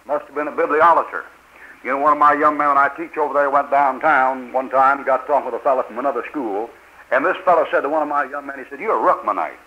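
A man's voice: mid-range voice, steady tone, fast. An older man preaching a sermon, firing off rhetorical questions in folksy grammar. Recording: old lo-fi tape recording.

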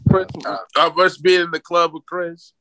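A man's voice: high voice, little pitch movement, normal speed, sharp tone. A man joking and heckling on a casual sports podcast, with mock-angry outbursts. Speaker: podcast co-host.

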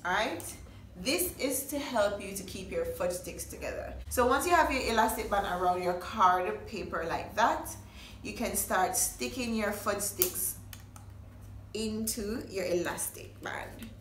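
A woman hosts a children's storytime and craft session, talking gently and slowly as she guides young kids step by step. Her voice sounds roomy and echoey, with a faint hiss underneath. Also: medium pitch, expressive, far from the mic. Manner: gentle, instructive, speaks to the children directly. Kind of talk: reading aloud and craft demo for preschoolers. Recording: echoey room, faint noise.

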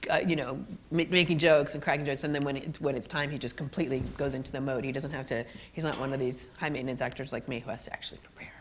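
An animated middle-aged woman, a guest actor telling stories on a college stage, laughing often. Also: very deep voice, fast talker, hardly any pauses, background noise. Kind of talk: storytelling on a college stage interview.

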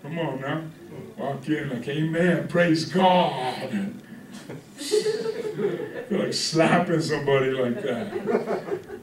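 A pastor preaching a conversational sermon, often checking in with the congregation. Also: male voice, a little high, huge pitch swings, extremely slow, pauses often, crowd noise. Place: church hall. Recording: echoey room from a distance.

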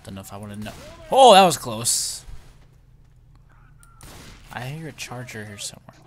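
A young man hosting a casual gameplay commentary, excitable and often startled. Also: medium pitch, normal speed. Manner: excitable, lots of startled exclamations. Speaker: let's play host.

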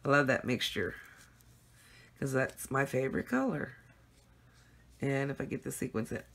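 A woman's voice: extremely low pitch, lively intonation, normal speed, fairly bright tone. A woman chatting casually and giggling as she unboxes gifts for her viewers at home. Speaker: craft vlogger.

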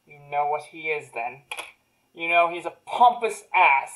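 A woman's voice: deep voice, expressive, unhurried, fairly bright tone, low-quality recording. A woman voicing a bitter, scheming male wizard's former apprentice who rants indignantly. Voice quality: indignant, ranting.

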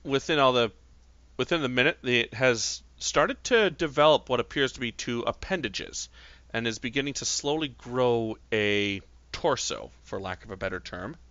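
Bright-voiced male game master. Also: mid-range voice, moderate pace, no room sound, muffled recording. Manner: relaxed, hesitant narration with many fillers. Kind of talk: narrating a tabletop game.

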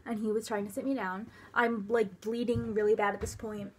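Soft-spoken young woman telling a personal story. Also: mid-range voice, little pitch movement, slightly rough. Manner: halting, hesitant, with many fillers. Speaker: vlogger.

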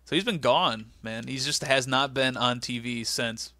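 A man with a bright, forceful voice chatting as a podcast co-host, laughing often and turning incredulous as he recaps. The sound is dry and close, with no room around it. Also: mid-range voice, measured pace, dry recording. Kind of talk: casual chat recapping wrestling.

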